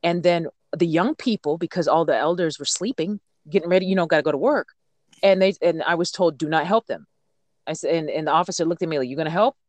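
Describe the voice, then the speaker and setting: A truck driver from the United States telling stories in a casual podcast chat, blunt and animated, swearing freely and repeating words when worked up. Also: medium pitch, fast talker, no room sound.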